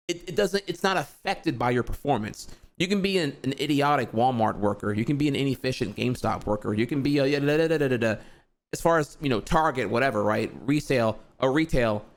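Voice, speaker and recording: A young man ranting heatedly to his stream audience, profane and rambling, full of fillers like "dude" and "bro". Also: medium pitch. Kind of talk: casual ranting monologue.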